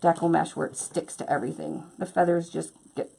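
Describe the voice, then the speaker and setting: A woman's voice: low-pitched, steady tone, a little fast, creaky, mellow, husky. Chatty woman demonstrating a craft. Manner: chatty, bubbly, talks while working. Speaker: craft tutorial host.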